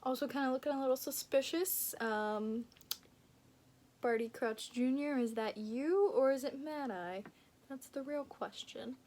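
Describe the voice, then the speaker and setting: A woman's voice: high voice, unhurried, darkish tone, a little hiss or hum. Giggly young woman chatting in a vlog. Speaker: book vlogger. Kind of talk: casual vlog chat, unboxing gifts.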